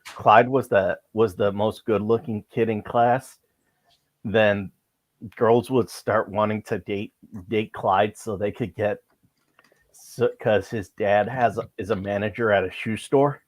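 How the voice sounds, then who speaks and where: A man in casual chat on a live stream who talks haltingly, restarting and repeating words. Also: fairly low pitch, fairly even intonation, no room sound.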